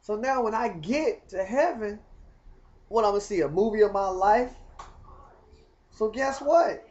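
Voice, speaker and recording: A man telling a rambling personal story in casual, animated talk. He speaks straight to the viewer and keeps asking whether they follow. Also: high-pitched, measured pace, highs cut off. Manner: animated, talks straight to the viewer, keeps asking "you know what I mean". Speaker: vlogger telling his story.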